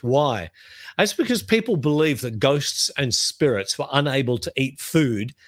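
On a podcast, a middle-aged man teaches the Bible, telling its stories in a lively way and reading scripture aloud. His voice is medium-pitched, and the recording has no echo.

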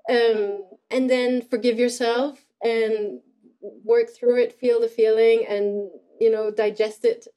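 Woman, casual chat, slightly higher voice, reassuring, quick to laugh. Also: little pitch movement, warm tone.

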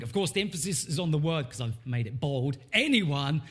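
A male pastor preaching a sermon in a church, animated and rising in emphasis when he reads scripture. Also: on the high side, normal speed, hardly any pauses, husky.

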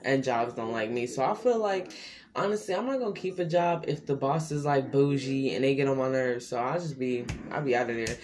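Young male podcaster, rambly slangy solo chat, average pitch, jumpy delivery. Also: fairly quick, a little mellow. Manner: rambling, loose and slangy, with sudden pitch jumps. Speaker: podcast host.

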